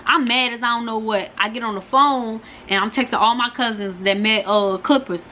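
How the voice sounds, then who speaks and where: A young woman telling a storytime vlog, animated and dramatic, talking straight to her viewers. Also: on the high side, normal speed, slight background noise. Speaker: vlogger.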